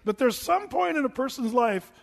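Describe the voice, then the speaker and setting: Casting: middle-aged male preacher, high-pitched, lively, conversational with frequent restarts. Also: moderate pace, vocal fry. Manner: animated, chatty, many restarts. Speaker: pastor. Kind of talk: sermon with storytelling.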